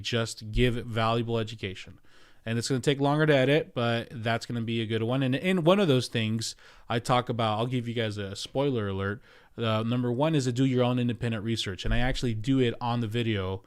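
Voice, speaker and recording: A real estate agent from the United States chats loosely on a casual livestream from his home, stopping to read viewer comments as he goes. He has a smooth, fairly low-pitched voice.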